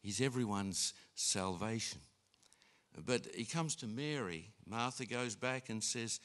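A man preaching a sermon in an unhurried way, with frequent restarts and fillers. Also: on the low side, a bit bright. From Australia. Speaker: pastor.

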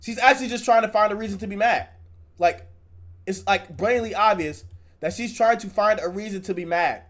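A man's voice: high voice, brisk, a bit bright. A man streaming live, reacting to a video with heated, profane commentary.

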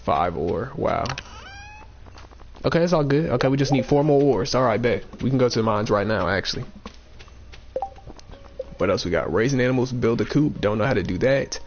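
A man's voice: medium pitch, animated, moderate pace, long pauses, a little mellow, a little hiss or hum. A man giving casual, playful let's-play commentary, thinking aloud and repeating himself, with a dull lo-fi mic and faint game music. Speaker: gaming streamer.

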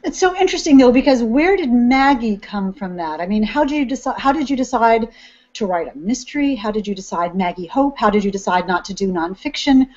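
A woman's voice: on the high side, expressive, fairly quick, lo-fi sound. Effusive woman interviewer on a webcast. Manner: warm, chummy and effusive. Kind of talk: casual live interview. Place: remote webcast from Boston.

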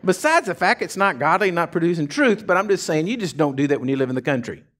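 A man preaching a folksy, animated sermon as pastor of a church. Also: a little high, quick pace. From Texas.

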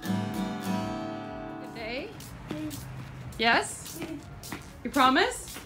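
A woman's voice: a little high, sing-song, moderate pace, long pauses, soft background music. A mother filming her children at home, upbeat and encouraging, laughing often. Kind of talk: casual home video. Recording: roomy echo.

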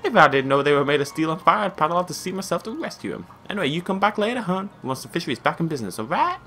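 A fussy, fretting woman fishmonger from a video game, as a man puts her on, with a broad, clumsy American Southern accent. She talks high and mothering, and the voice is bright and lively. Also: racing, exaggerated voice. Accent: American Southern, badly done. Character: fussy middle-aged woman fishmonger, worried.

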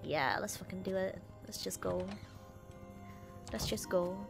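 A woman's voice: medium pitch, a little slow, gravelly, over music. Woman doing a crude leering lad. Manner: leering, crude pickup lines.

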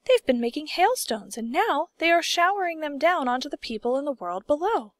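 A woman voicing an eager, brave young boy in a storybook reading, speaking with urgency and excitement. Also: sits high, fairly quick, no room sound, clean studio sound, voice pushed up. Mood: excited. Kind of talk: storybook character voice.

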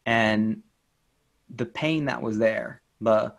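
Interview guest, man, coach type, lowish voice, earnest and encouraging. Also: steady tone, normal speed. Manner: earnest, gentle and encouraging, with repetition for emphasis. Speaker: inner child life coach. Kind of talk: interview guest, reflective talk.

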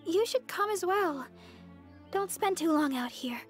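A woman voicing a sweet young female deaconess healer, gentle and hesitant, in game character dialogue. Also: extremely high pitch, animated, unhurried, soft background music.

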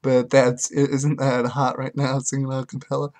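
A man with a halting, hesitant way of talking who earnestly sings his own comic love song unaccompanied, recorded on a webcam. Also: mid-range voice, monotone, a little mellow. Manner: hesitant, halting speech with fillers. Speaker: amateur songwriter.

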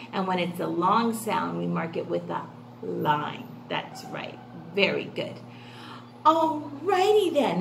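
A woman's voice: fairly high pitch, vocal fry. A woman teacher leading a children's phonics class in a cheerful sing-song way, drawing out words as she prompts. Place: indoor room with a fan running. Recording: echoey room with faint fan hum.

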